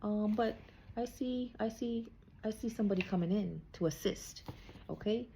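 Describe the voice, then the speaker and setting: A woman's voice: mid-range voice, moderate pace, warm tone, a little hiss or hum. A woman giving a casual spiritual card reading, chatty and checking in with "okay?" after nearly every thought. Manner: chatty, repeats "okay?" often. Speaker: psychic card reader.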